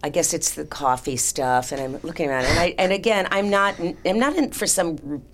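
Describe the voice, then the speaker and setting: A woman's voice: low voice, moderate pace, a bit bright. A middle-aged woman casually telling a rambling story as a podcast guest, with restarts and acted-out quotes.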